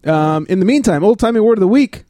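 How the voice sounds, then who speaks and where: A man's voice: sits high, fast talker, no room sound. A man co-hosting a casual beer-tasting podcast, joking around and reading out beer ratings. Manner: animated, jokey, reads beer stats. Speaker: podcast co-host.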